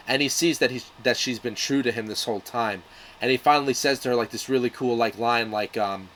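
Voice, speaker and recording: A man's voice: medium pitch, brisk. Man casually and profanely retelling a plot. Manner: loose and profane, with frequent restarts and fillers. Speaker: video reviewer.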